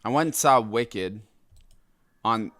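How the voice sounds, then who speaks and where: A young adult man hosting a solo podcast, ranting in an angry, exasperated way with sudden loud outbursts. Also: fairly low pitch, lively intonation, slow, no echo, clean studio sound. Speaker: podcast host.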